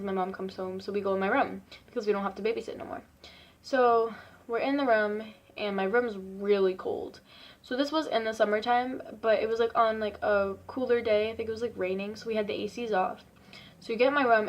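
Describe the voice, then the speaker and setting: A young woman vlogger telling a story in a casual, rambling way, full of "like" and swearing. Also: medium pitch. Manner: chatty, rambling, swears freely, lots of "like".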